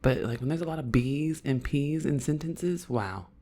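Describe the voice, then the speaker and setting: Hoarse, raspy Oakland woman, teasing. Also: rumbling low, moderate pace, mellow. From Oakland, California. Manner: playful, teasing, blunt. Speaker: podcast co-host. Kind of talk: casual podcast banter.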